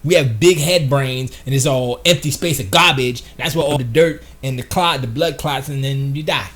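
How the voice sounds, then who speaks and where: A man's voice: mid-range voice, moderate pace, a bit bright. A man co-hosting a gaming podcast in casual comedic chat, joking around and acting out quotes in silly voices. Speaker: podcast co-host.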